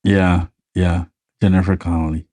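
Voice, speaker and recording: A laid-back man co-hosting a podcast, his voice sitting low and mellow. He talks in easy, swear-laced casual chat and slips into quick impressions of the lines he recalls. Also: little pitch movement. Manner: laid-back, swears freely, acts out quotes. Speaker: podcast co-host.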